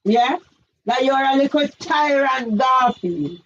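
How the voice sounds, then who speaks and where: A woman's voice: sits high, lively intonation, slow pace, fairly bright tone, muffled recording. A woman, giving an emphatic direct-address complaint, firing pointed questions at one man by name. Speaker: campaigner vlogger.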